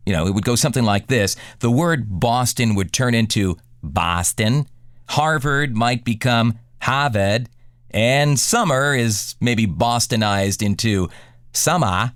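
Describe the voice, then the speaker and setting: A man hosting a radio countdown show, reading scripted song intros in a smooth announcer delivery. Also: fairly low pitch, no echo, clean studio sound.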